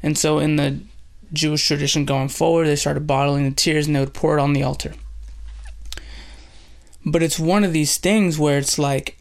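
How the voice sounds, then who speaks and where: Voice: mid-range voice, steady tone, moderate pace, gravelly, long pauses. A host teaching a casual devotional, retelling scripture in slangy everyday speech and acting out dialogue. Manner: acts out dialogue with shifts in voice.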